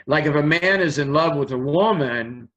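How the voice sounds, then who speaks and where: A man's voice: on the high side, moderate pace, a bit bright, dull audio, slight background noise. A man, a guest on an interview show, telling long stories in an earnest, rambling way. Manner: earnest, rambling, acts out quoted dialogue. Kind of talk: conversational storytelling.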